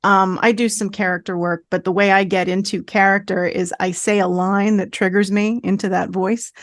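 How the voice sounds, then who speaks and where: A woman's voice: medium pitch, flat delivery, normal speed. A woman hosting a casual podcast interview, asking curious questions and reacting briefly. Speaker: podcast host.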